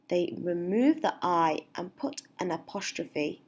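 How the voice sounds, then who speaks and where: A woman teaching beginner at a deliberately slow pace, with a slightly husky voice. She is patient and repeats each example phrase, giving it a lifted, sing-song stress. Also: on the low side, sing-song, warm tone. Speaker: English teacher. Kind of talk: slow, clear English lesson.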